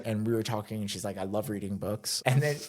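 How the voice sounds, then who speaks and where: A young man in casual chat as a podcast guest, candidly telling dark stories and laughing through them. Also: fairly low pitch, fast talker, a loud crowd. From United States.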